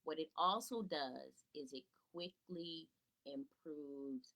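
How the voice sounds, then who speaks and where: A woman's voice: low voice, slow pace, a bit bright, rough recording. A woman tutor giving a casual live teaching talk to parents from home, asking rhetorical questions and answering them herself. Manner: casual, chatty, greets viewers by name. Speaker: tutor and educator.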